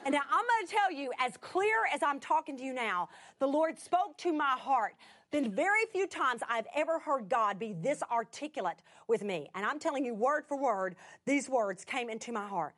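A woman preaching through a personal story, animated, swinging from exclamations to hushed whispers. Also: high voice, moderate pace, a faint crowd. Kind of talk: sermon storytelling.

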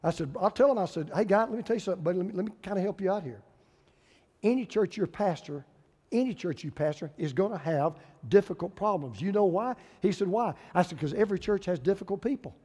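A male pastor, preaching a sermon with folksy humor and lively storytelling. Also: sits high, fast talker, slightly rough, big-room sound.

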